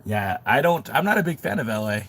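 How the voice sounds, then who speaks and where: A man's voice: medium pitch, very animated, brisk, noisy background. A middle-aged man from Southern California, sick with a sore throat, chatting casually on a live stream from a makeshift home studio, often restarting his sentences and drifting into reflective asides. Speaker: wrestling podcast co-host. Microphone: webcam mic in a makeshift home studio.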